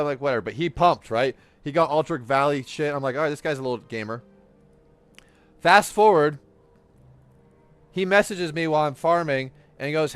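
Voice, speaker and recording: A man hosting a gaming podcast, telling stories in casual, profane, animated chat while he plays. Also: mid-range voice, moderate pace, clean tone, dry recording. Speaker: streamer and podcast host.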